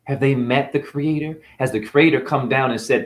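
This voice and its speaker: A man's voice: medium pitch, moderate pace. Defiant preachy man in an echoey room. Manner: preachy, defiant, swearing, mocking asides. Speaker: spiritual teacher. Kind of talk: unscripted spiritual rant.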